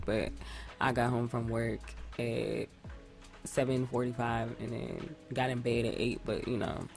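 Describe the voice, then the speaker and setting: A woman's voice: rumbling low, gravelly. A woman co-hosting a podcast in casual chat, her voice stuffy and nasal from a cold, rambling with restarts. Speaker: podcast co-host.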